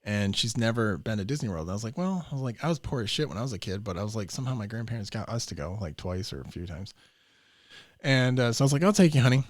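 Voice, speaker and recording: A young man, a podcast guest, telling a story in a loose, profane, animated way and acting out the voices. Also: lowish voice, fast talker, no room sound, studio quality. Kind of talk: casual storytelling.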